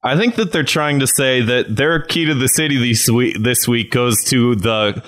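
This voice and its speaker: A man's voice: mid-range voice, moderate pace, a bit bright. A man hosting a comedy podcast, laid-back, laughing along and giving dry comebacks. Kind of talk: casual comedic podcast banter.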